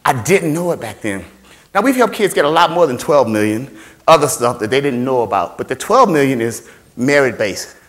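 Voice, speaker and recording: A man giving an animated motivational talk to students about finding scholarships, playful and repetitive, acting out voices and sounds. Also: medium pitch, normal speed. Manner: playful, repeats phrases, acts out voices and sounds. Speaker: scholarship workshop speaker.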